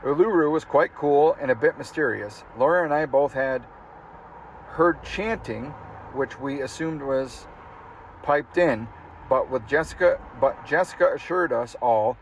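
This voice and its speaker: A man's voice: medium pitch, a little hiss or hum. A man reading a humorous memoir aloud in a casual, amused way, now and then laughing at the text. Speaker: audiobook reader.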